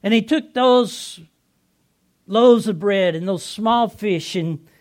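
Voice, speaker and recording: A man playing excitable fisherman Peter, high-voiced. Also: slow. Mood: earnest storytelling. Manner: earnest, excitable storyteller. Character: Simon Peter, impulsive adult fisherman apostle. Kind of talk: first-person dramatic monologue.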